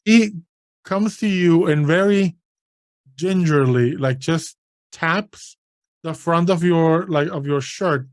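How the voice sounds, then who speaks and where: A game master narrating a tabletop game in a relaxed way, with many fillers. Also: mid-range voice, slow pace, no echo.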